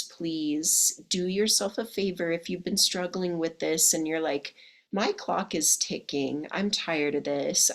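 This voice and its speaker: A woman in her thirties coaching listeners in a chatty podcast monologue, her voice slightly hoarse from illness. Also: low voice. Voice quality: husky. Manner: chatty, calls listeners "my darlings" and "ladies". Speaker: dating coach. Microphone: podcast microphone.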